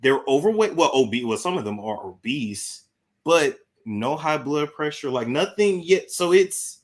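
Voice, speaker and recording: A woman's voice: deep voice, expressive, a little slow. A woman of about thirty, co-hosting a talk show and chatting easily, agreeable and full of fillers. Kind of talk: casual chat.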